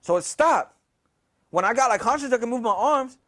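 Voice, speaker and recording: Young guy, high-pitched, telling a story, slangy and cussing, repeats stuff a lot. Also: normal speed. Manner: slangy, profane, animated retelling with many repeats. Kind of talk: casual storytelling.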